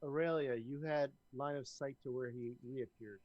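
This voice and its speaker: A man's voice: medium pitch, normal speed, dry recording, muffled recording. A man running a tabletop game as game master, joking with his players between calls on the action. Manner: lively, joking banter with players.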